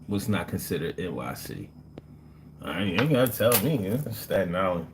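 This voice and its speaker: A man's voice: sits low, expressive, moderate pace, noisy background. A man hosting a casual live stream, reading chat and joking in a loose, slangy way with frequent laughs.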